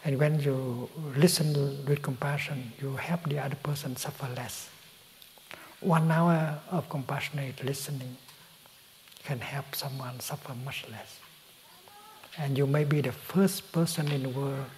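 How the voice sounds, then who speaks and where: Elderly Vietnamese-accented male monk, soft breathy dharma talk, mid-pitched, faint hiss behind. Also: steady tone, poor audio. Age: 80s. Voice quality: breathy, often slipping to a whisper. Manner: gentle, soft-spoken, unhurried with frequent pauses. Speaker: Buddhist monk teacher. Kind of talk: dharma talk answering a question.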